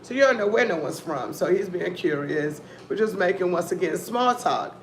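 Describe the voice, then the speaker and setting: A woman hosting a casual commentary stream, telling stories in a rambling, profane, animated way. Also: fairly low pitch, normal speed. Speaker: host of a news-and-commentary stream. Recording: echoey room, faint background noise.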